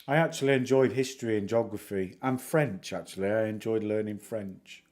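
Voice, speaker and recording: A man's voice: on the low side, normal speed, darkish tone. A middle-aged Northern English man hosting a livestream, chatting in a rambling, joking way with music playing behind him. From England. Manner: chatty, rambling, self-mocking jokes. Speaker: livestream host. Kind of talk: casual livestream chat. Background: background music.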